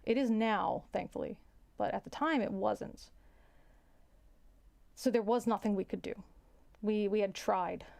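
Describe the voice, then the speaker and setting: Halting woman with a gravelly voice. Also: mid-range voice, steady tone, a little mellow. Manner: halting, repeats words, sighs. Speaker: teacher. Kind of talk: casual storytelling.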